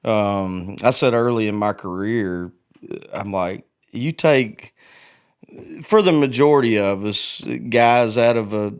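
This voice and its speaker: A man in his forties speaks as a guest in a casual conversation, open and quick to poke fun at himself. His voice is smooth and resonant, and it sits on the lower side. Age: 40s. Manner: frank and self-deprecating, laughs easily. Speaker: guest musician.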